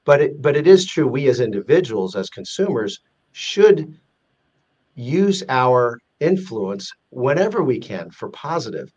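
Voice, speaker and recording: A man appearing as a guest in a casual interview earnestly explains a corporate risk rating database, restarting often and acting out example quotes. His medium-pitched voice is sing-song, darkish, and slightly rough, a little slow, and the recording is muffled.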